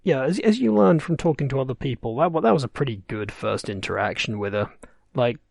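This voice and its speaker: A man's voice: mid-range voice, animated, fairly quick, creaky, a little mellow, dry recording, clean studio sound. A man running a tabletop game, narrating in a rambling, wry way that corrects itself as it goes. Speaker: game master.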